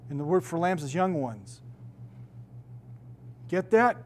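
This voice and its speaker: A middle-aged man, a pastor, preaching a sermon with emphatic, drawn-out stresses on key words. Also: a little high, lively intonation, slight background noise.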